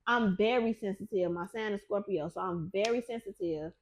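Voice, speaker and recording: A woman hosting a podcast, chatting casually and telling a story with loud, acted-out quotes. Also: medium pitch, normal speed. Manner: animated storyteller, acts out quotes loudly; says "finna" and "type shit", casual and profane. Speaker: podcast host; nurse manager who makes content on the side. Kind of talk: casual chat.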